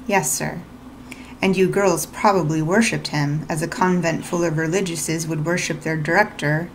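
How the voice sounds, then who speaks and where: A woman reading the lines of a brusque, commanding gentleman from a storybook read-aloud. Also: low voice, fairly even intonation, moderate pace, slight background noise, low-quality recording. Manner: curt, questioning, commanding. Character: brusque commanding gentleman, middle-aged man.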